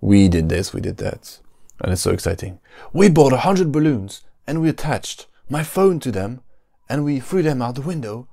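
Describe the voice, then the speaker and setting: A man's voice: medium pitch, very animated, moderate pace, gravelly, few pauses, mellow, voice pushed up. A man voicing an overexcited male video host who breathlessly hypes up stunts. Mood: hyped.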